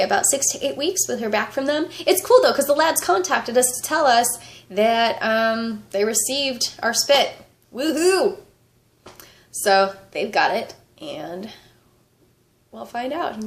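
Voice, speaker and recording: A woman vlogger with a fever, chatting casually and rambling, with frequent laughter. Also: on the high side. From United States. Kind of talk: casual vlog chat.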